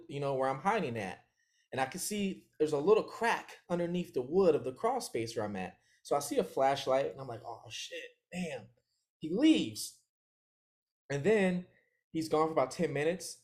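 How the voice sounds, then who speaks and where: A man with a slightly raised voice tells a story as an interview guest. He keeps it loose and animated, laughs often, and slips into quick voices for other people's lines. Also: fairly high pitch. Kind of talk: casual storytelling.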